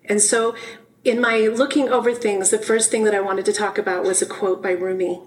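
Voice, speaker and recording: A woman's voice: medium pitch, flat delivery, normal speed, rough recording. Heartfelt middle-aged woman minister preaching. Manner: heartfelt, personal and conversational. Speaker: minister giving her first talk. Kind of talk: sermon. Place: church sanctuary.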